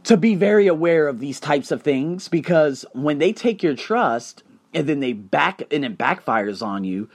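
A man hosting a solo podcast, talking bluntly with swearing and animated storytelling. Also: fairly high pitch, unhurried. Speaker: podcast host.

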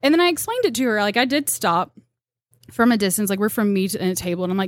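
A young woman, a deer tracker on a podcast, telling animated stories and acting out quotes with laughs. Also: medium pitch, fast, no echo, studio quality. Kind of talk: casual storytelling chat.

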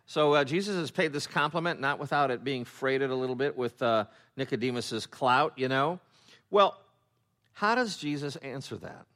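A man's voice: medium pitch, lively intonation, moderate pace, fairly bright tone. Man preaching in a loose, joking style. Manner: humorous, acts out quoted voices; loose, with many fillers and restarts. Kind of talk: conversational Bible teaching.

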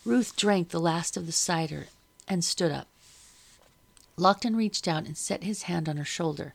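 A woman reading a first-person novel aloud as audiobook narrator, steady and measured. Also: on the low side, gravelly.

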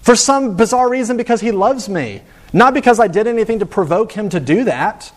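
Earnest man preaching, somewhat high voice. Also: expressive, fairly quick. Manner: earnest, emphatic, repeats words when pressing a point. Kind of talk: sermon.

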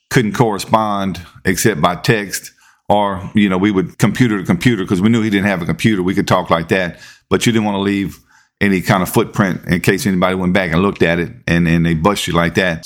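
A man, telling a story as podcast host in a relaxed, conversational way. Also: deep voice, fairly quick. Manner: laid-back, conversational, repeats words when building up. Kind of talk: casual storytelling.

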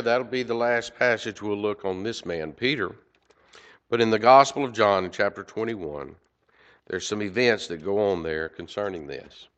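Low-pitched male preacher with dynamic delivery on a lo-fi recording. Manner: dynamic, swings from loud emphasis to quiet asides. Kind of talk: sermon. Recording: dull lo-fi recording.

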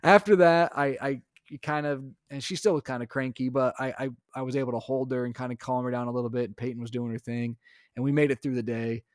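A young adult man, a podcast co-host and father, telling a story in casual chat and acting out his own lines with animated energy. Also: mid-range voice, brisk, clean tone, no echo, studio quality.

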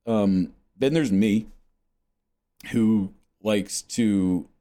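A man's voice: lowish voice, extremely slow, dark tone. A man hosting a podcast in a rambling casual monologue, meandering and swearing with self-mocking chuckles. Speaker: podcast host.

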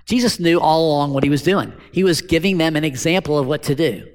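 Long hall reverb surrounds a man with a fairly high voice who preaches at a quick pace. As pastor, he speaks conversationally and poses rhetorical questions to the congregation.

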